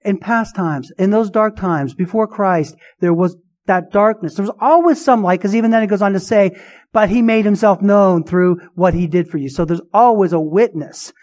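A man with a high voice preaches a sermon as a pastor. He presses his points hard and keeps putting questions to his listeners. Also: normal speed, darkish tone. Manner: emphatic preaching with rhetorical questions.

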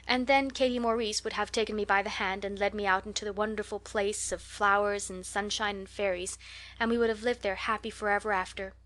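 A woman's voice: medium pitch, fairly bright tone, lightly acted. An eager little orphan girl of eleven pours out her daydreams in a breathless, romantic rush, as a woman reads her part. The voice sits in an ordinary middle register, full of wonder. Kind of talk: audiobook character reading.

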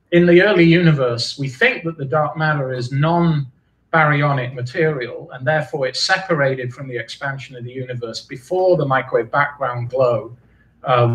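A man's voice: fairly high pitch, a bit bright. A man giving an academic astronomy lecture in a conversational, explaining way, recorded from a distance in a lecture hall. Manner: conversational, loosely explaining with asides. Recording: roomy hall, voice from far off.

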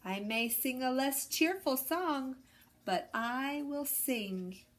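A woman's voice: high voice, lively intonation, slow, a bit bright, voice pushed up, exaggerated voice. Woman voicing a plucky, stubborn rooster. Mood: defiant cheer.

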